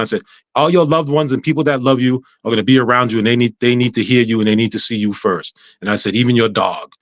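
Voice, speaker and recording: A man telling a personal story in casual chat, animated, acting out dialogue with frequent stammers and restarts. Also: mid-range voice, fast, no echo, dull audio. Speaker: guest.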